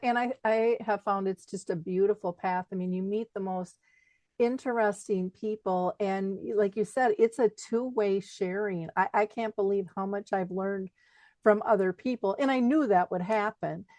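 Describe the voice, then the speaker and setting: A middle-aged woman hosting a podcast interview, talking in a casual, expressive way and laughing easily. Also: mid-range voice, moderate pace, no room sound. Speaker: podcast host.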